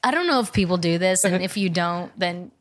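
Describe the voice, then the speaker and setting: A woman co-hosting a podcast, chatting bluntly and teasing her co-host with quick, pointed questions. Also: fairly low pitch, animated. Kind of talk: casual chat.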